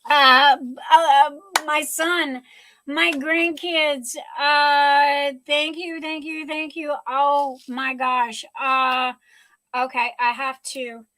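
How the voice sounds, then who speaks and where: A woman's voice: high voice, flat delivery, drawn-out words, pushed and bright, no room sound, poor audio. A middle-aged woman hosting her livestream at home, gushing and talking through tears. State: tearful. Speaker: livestream host. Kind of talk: casual live chat.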